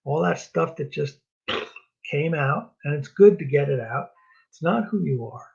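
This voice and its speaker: Calm fatherly God, as a man teaching puts him on, husky, soft and lower, dull lo-fi recording. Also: unhurried, full character voice. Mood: reassuring. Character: God as a gentle, reassuring father.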